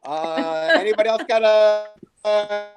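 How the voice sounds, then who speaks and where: A man's voice: high voice, lively intonation, unhurried, music in the background. A man calling on people to tell jokes during a group video call, hesitant and encouraging. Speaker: organizer calling on joke-tellers.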